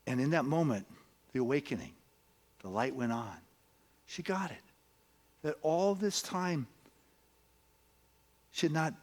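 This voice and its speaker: An earnest male minister delivers a sermon in a conversational tone. His voice sits at an ordinary middle pitch, and he slips into storytelling with easy fillers. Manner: earnest, conversational, many "you know" fillers.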